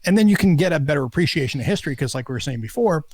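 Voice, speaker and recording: A man's voice: a little high, expressive, racing, a little mellow, dry recording. A man co-hosting a casual podcast conversation, rambling and opinionated, often restarting his sentences. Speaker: podcast co-host. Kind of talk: casual chat.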